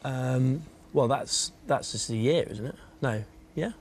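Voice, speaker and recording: A man's voice: medium pitch, unhurried, a little mellow, a little hiss or hum. A man contestant on a quiz show, thinking aloud hesitantly over the clues. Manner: hesitant, musing.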